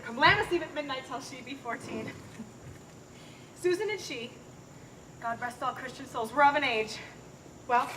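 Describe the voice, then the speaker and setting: A woman's voice: high-pitched, pushed and bright, slight background noise, rough recording. A woman playing a garrulous, doting old nurse who rambles and keeps laughing through her words, in outdoor Shakespeare stage acting.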